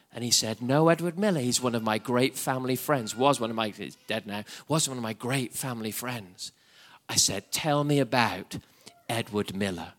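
A man preaching an impassioned sermon, swinging from loud cries to hushed low tones. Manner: animated, repeats words when excited.

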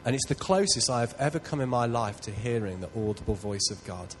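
A man's voice: mid-range voice, fairly quick, a little hiss or hum, low-quality recording. A man preaching a sermon, telling a personal story in an earnest, self-deprecating way. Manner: earnest, self-deprecating, builds to loud excitement.

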